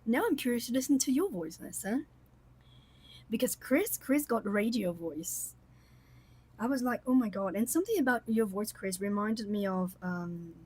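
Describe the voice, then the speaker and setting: A woman host chatting casually with her viewers on a livestream, rambling warmly with many fillers and little laughs. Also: on the high side, husky. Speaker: coloring channel host.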